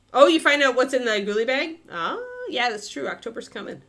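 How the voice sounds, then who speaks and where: Donna chiacchierona dalla voce molto mobile. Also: female voice, a little high, fairly bright tone. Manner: chatty, thinks aloud, many fillers, talks to her dog. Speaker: miniature painting livestream host. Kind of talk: casual chat while painting on a livestream.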